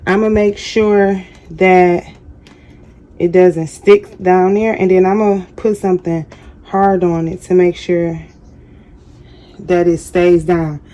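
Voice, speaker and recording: A woman's voice: fairly low pitch, fairly even intonation, takes it slowly, dark tone. A woman hosting a casual craft how-to, chatty and self-deprecating, often apologizing. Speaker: craft tutorial host.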